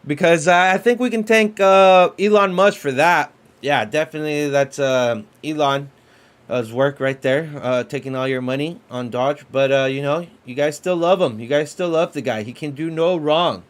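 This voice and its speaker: A man hosting a casual livestream about crypto, excitable and repetitive, full of fillers like "you know" and "man". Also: on the high side, moderate pace, clean tone. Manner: excitable, repeats himself, lots of fillers. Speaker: crypto stream host.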